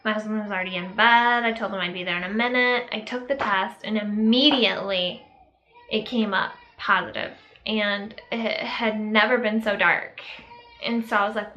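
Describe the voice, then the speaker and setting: A young woman telling a personal story to camera in a casual vlog, halting and reflective, with many fillers and pauses. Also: medium pitch, fairly even intonation, bright, forceful tone, highs cut off. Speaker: vlogger.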